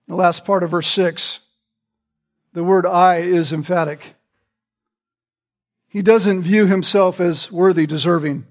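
A man's voice: sits high, steady tone, slow, pauses often. A man preaching an expository sermon, explaining verses word by word and often checking in with "right?" along with small restarts.

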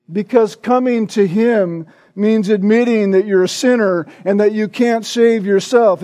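A man preaching from the pulpit in a strikingly high voice. He drives his points home with emphatic, repeated words and keeps punctuating them with a questioning "right?" to his congregation. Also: mellow. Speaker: pastor. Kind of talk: sermon.

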